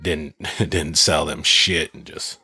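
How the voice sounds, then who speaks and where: A man with a very low, husky voice recounts his experiences in a relaxed chat, swearing freely and building the story with energy. The sound is dry and close, with no room around it. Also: slow, dry recording. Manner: profane, animated storyteller. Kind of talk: casual chat.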